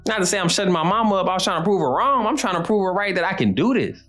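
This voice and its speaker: A man's voice: high-pitched, animated, racing, a bit bright. A young man hosting a show, giving blunt, repetitive motivational talk full of slang. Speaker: show host. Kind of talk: motivational monologue.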